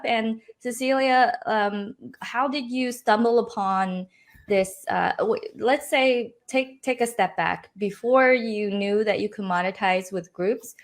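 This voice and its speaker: A woman hosts a live interview over a video call, talking in a loose, rambling way full of fillers. Her voice is wearing thin, as she says she has nearly lost it. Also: on the high side. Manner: chatty, rambling with many fillers. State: losing her voice. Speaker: host.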